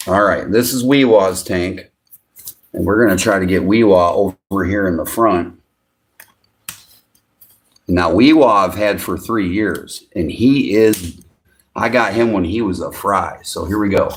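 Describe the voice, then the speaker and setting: A man hosting a casual livestream from his home beside a fish tank. He chuckles often and coos at his pet fish in sudden high bursts. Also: measured pace, pauses often. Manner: chuckles often between remarks. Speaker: fishing channel host.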